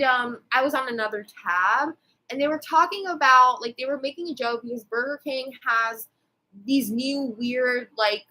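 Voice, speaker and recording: A woman's voice: on the high side, pushed and bright, poor audio. A woman in her twenties telling a rambling storytime rant, swearing freely and full of fillers and restarts. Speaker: vlogger.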